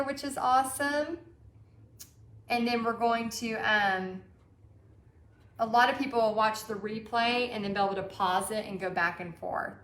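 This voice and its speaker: A woman's voice: a little high, roomy sound. Chatty Texan woman leading a paint party. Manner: chatty, warm, reads viewer comments aloud. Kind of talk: live-streamed painting lesson.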